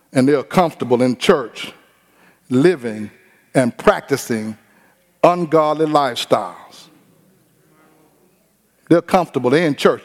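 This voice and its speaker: A man preaching a sermon as pastor, animated and informal, acting out the people he talks about. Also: sits high, in a large hall. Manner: animated preaching with acted-out quotes.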